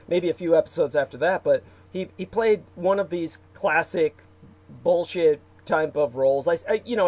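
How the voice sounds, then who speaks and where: A man's voice: fairly high pitch, a little mellow. Rambling man hosting a livestream. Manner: rambling, many fillers and restarts, reads out viewer comments. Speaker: livestream host. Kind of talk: casual livestream chat.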